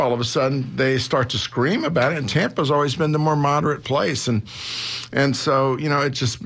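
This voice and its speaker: A man's voice: mid-range voice, creaky, a bit bright. A man, a newspaper publisher, explaining his views earnestly as a guest in a radio interview. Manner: earnest, explanatory, builds to rhetorical questions. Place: radio studio.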